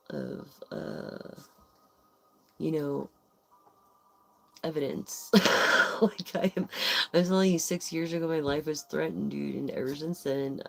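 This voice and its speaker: Slow, gravelly, rambling tarot reader. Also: medium pitch, darkish tone, a little hiss or hum, poor audio. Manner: rambling, meandering with frequent fillers and casual swearing. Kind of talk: casual live tarot reading.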